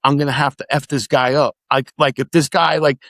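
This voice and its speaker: A middle-aged man, a podcast guest, casually telling animated stories, acting out the quotes and swearing freely. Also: medium pitch, fairly quick, gravelly, dry recording. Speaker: podcast guest, former immigration officer. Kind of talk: casual storytelling in conversation.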